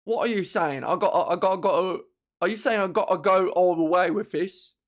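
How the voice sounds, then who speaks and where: A woman voicing a jittery Victorian London male killer in an exaggerated mock Cockney voice, louder and lower than her own talk, as a comedic podcast riff. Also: lively intonation, measured pace, natural voice. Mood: menacing.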